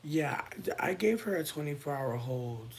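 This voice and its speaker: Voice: mid-range voice, a little slow, creaky. Dramatic livestreamer on a noisy mic. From Connecticut, USA. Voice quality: expressive, swears freely, slips into whispers. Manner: dramatic, playful, talks to chat. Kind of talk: casual livestream chat. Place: at home late at night.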